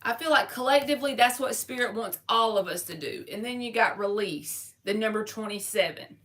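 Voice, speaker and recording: A woman gives a live-stream tarot reading, talking casually and directly to her viewers in slangy everyday speech. Her voice is on the high side, fairly quick and a bit bright.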